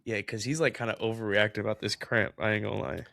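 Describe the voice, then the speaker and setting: A young man co-hosting a podcast in casual chat, reading a story aloud in an animated way and laughing often. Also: fairly low pitch, fast, vocal fry, no room sound. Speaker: podcast co-host.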